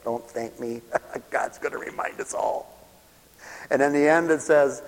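A man in his fifties preaching a sermon at a church service. He talks plainly and folksy, and swings from loud shouted peaks down to hushed near-whispers. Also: mid-range voice, measured pace, pauses often, long reverb tail. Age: 50s. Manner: folksy, plain-spoken delivery.

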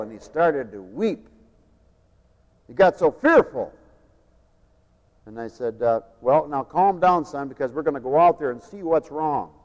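A man preaching a sermon, turning emphatic on key phrases and dropping quieter for personal stories. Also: medium pitch. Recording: dull lo-fi tape in a long-echo hall.

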